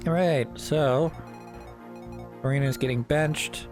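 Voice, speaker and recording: Relaxed man doing gameplay commentary. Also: mid-range voice, a little slow, faint music behind. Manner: relaxed, reads game text aloud. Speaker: let's play host.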